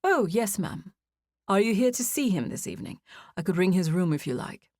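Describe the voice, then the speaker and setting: A woman voicing a polite, formal young male hotel clerk with a British accent, measured and professional, in an audiobook. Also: mid-range voice, lively intonation, darkish tone, no room sound, clean studio sound, close to an everyday voice.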